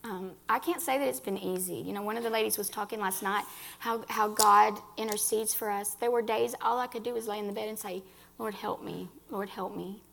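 An earnest woman gives a personal faith testimony to a gathering of women, speaking right to them. Her voice carries a gravelly fry, and she restarts phrases as she talks. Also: medium pitch, steady tone, brisk, a bit bright. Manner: earnest, addresses listeners directly, restarts phrases.

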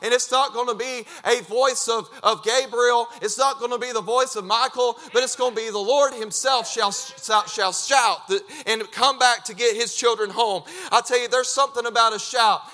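Fervent high-voiced male preacher. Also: steady tone, moderate pace, few pauses, soft background music. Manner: fervent, emphatic, repetitive preaching with rising shouts. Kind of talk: sermon.

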